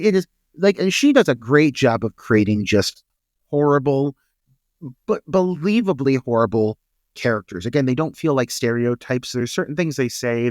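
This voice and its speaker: An emphatic man whose pitch swings up and down a lot as he talks. He sounds indignant, repeats his points and swears as he discusses a film with his co-host. His voice is close and dry, with no room sound. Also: no echo. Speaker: podcast co-host.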